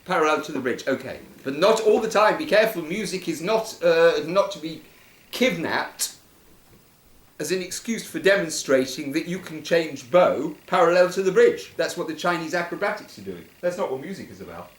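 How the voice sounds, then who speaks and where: Animated male violin teacher, echoey room. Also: moderate pace. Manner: emphatic, animated, sings notes to show pitch. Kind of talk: instructive commentary over violin playing.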